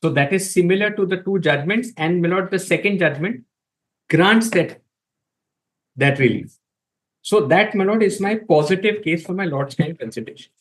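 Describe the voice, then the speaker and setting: Male advocate, formal courtroom pleading, deferential yet emphatic, slightly high voice. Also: normal speed, poor audio. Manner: deferential, repeatedly saying my lord; emphatic, reads passages from documents.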